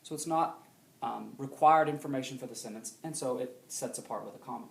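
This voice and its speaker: Recorded in a classroom with noticeable reverb, a male teacher walks through a grammar lesson at an even pace. His voice is mid-range and gravelly, and he keeps asking quick questions to confirm understanding.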